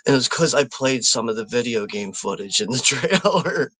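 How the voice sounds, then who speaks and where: A man's voice: medium pitch, animated, normal speed, a bit bright, low-quality recording. A man hosting a live watch party stream, chatting casually and rambling, with lots of fillers, restarts and easy chuckles. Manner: easygoing, chuckles often.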